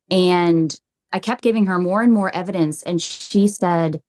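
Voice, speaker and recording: Low-pitched woman telling vivid stories. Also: moderate pace. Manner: animated anecdotal telling, repeats phrases, acts out quotes. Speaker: psychic medium guest. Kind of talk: storytelling in a podcast interview.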